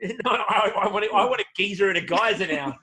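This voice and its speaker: A man's voice: high voice, expressive, moderate pace, sharp tone, breathy edge. A man hosting a podcast in casual chat, joking and steering the talk back on track. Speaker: podcast host.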